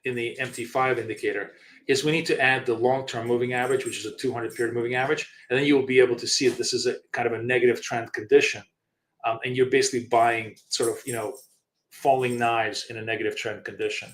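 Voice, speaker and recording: A man's voice: medium pitch, fairly even intonation, fast talker, fairly bright tone. A man hosting a live trading session, thinking aloud casually with many fillers, restarts and the odd swear word. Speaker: trading show host. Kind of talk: live trading screen-share commentary.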